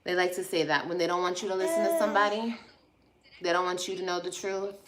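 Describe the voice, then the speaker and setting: A woman's voice: on the low side, steady tone, quick pace, fairly bright tone, a little hiss or hum. A woman vlogger chatting casually on a livestream, blunt, sassy and profane as she scolds viewers. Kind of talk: casual livestream chat replying to comments.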